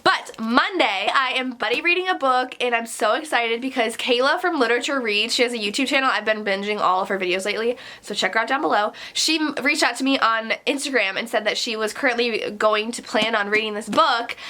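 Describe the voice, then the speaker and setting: A woman's voice: a little high, a little fast, few pauses, bright, forceful tone. A young woman with a stuffy nose, chatting casually in a vlog, rambling and full of "like". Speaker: book vlogger.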